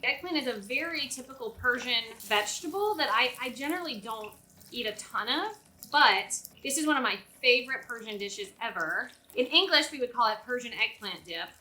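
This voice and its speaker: Bright-voiced woman hosting a cooking demo. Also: fairly high pitch. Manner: chatty, explains as she goes. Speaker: cooking show host. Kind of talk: casual cooking demonstration. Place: home kitchen.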